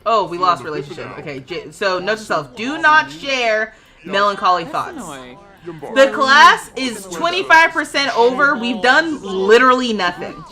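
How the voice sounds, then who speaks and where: Woman, 30s, game streamer; dramatic exasperated commentary, lively high voice. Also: measured pace. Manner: exasperated, dramatic rants with loud outbursts and laughter. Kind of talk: livestream gameplay commentary.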